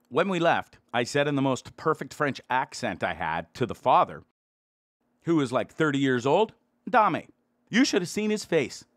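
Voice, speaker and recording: A man reading out internet stories in scripted narration, in a lively storytelling manner. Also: medium pitch, no echo.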